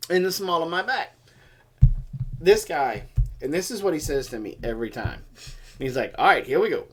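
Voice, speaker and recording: Guy cohosting a stream, swoopy lively voice, acts out the other guy's lines and sound effects. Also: on the high side, moderate pace, background noise. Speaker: co-host of a homestead livestream. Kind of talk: casual storytelling chat.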